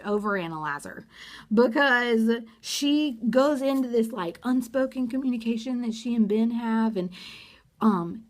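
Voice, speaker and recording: A woman's voice: a little high, moderate pace. A woman giving a sarcastic, gossipy recap of a reality TV episode in a casual vlog. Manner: sarcastic, gossipy, acts out quotes.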